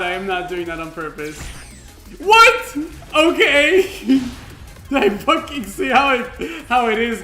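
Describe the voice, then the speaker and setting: A man streaming a video game, reacting with excitable yelps, laughter and frequent swearing. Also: very high-pitched, roomy sound. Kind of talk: live gameplay commentary.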